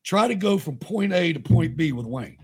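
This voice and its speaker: A man's voice: a little high, expressive, moderate pace, vocal fry, a little mellow, breathy edge. A man co-hosting a podcast in casual chat, telling stories with a wry, joking manner. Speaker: podcast co-host.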